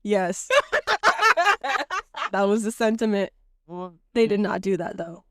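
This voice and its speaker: A woman's voice: mid-range voice, fairly even intonation, takes it slowly, no room sound, studio quality. A woman co-hosting a casual podcast chat, laughing often while she tells stories with lots of feeling. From United States. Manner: laughs often, acts out voices in anecdotes. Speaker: podcast co-host. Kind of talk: casual chat, animated storytelling.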